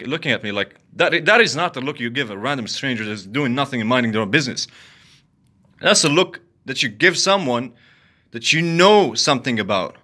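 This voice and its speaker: A man's voice: a little high, sharp tone. A young man ranting angrily to camera in a heated, profane, repetitive way. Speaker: vlogger. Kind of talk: angry rant to camera.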